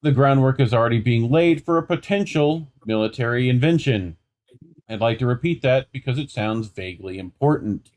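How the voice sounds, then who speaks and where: A young man co-hosts an independent news program in a casual, conversational way, his voice sitting at an ordinary middle pitch. He reads passages aloud, then breaks off into sarcastic, riffing commentary. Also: normal speed, darkish tone. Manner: sarcastic, riffing asides between quoted passages. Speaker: news show co-host.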